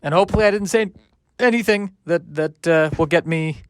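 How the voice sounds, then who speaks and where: A man's voice: a little high, clear, resonant tone, no room sound. Rambling, self-mocking male podcast host. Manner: self-deprecating, halting, many restarts, sardonic asides. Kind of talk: rambling solo comedy podcast.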